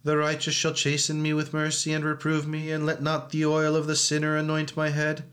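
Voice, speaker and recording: Monotone man intoning psalms. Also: fairly high pitch, fairly quick. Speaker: church reader and chanter. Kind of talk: liturgical psalm reading and chant.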